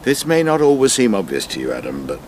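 Casting: coaxing dad, deep voice with big swings in pitch. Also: male voice, huge pitch swings, fast, darkish tone, a little hiss or hum. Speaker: father of the family. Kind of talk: radio drama acting.

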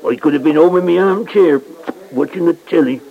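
A man's voice: on the high side, fairly quick, creaky. An actor playing a glum man grumbling at a party. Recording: dull radio audio with crowd chatter.

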